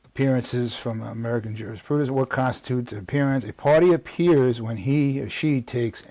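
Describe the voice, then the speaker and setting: At a moderate pace, a man with a warm, mid-range voice and a New York accent reads legal text and explains it like he's chatting, recorded with no room sound. As a legal strategy instructor, he frequently restarts and digresses into asides.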